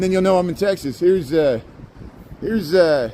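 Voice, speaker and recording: A man's voice: sits high, expressive, measured pace, mellow, rough recording. A man hosting a casual livestream while walking a city street at night, chatting loosely and thanking viewers by name with easy laughs. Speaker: livestream host. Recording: wind noise on the mic outdoors.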